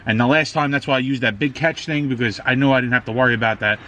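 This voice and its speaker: A man's voice: medium pitch, fairly even intonation, fast talker, pushed and bright, lo-fi sound. A man doing his own oil change outdoors on a street, narrating casually to viewers and cursing in frustration. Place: outdoors on a street beside a car. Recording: noisy street recording, cars passing. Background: passing traffic.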